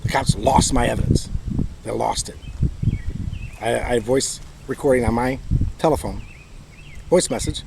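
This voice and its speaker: A man's voice: medium pitch, moderate pace, creaky, pauses often, darkish tone, rough recording. Michigan man, bitter personal monologue, emphatic, faint outdoor noise. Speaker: vlogger telling his own story.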